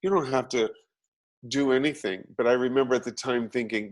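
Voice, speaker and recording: A man, an actor as a guest, chatting casually and telling animated, self-deprecating stories. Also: mid-range voice, brisk. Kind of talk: casual chat.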